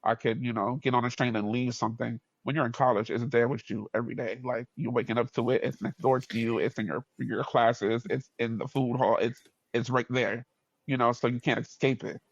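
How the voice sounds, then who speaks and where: A man with a New York accent, a podcast guest telling a story in a slangy, animated way with frequent laughs. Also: medium pitch, brisk, no echo, highs cut off.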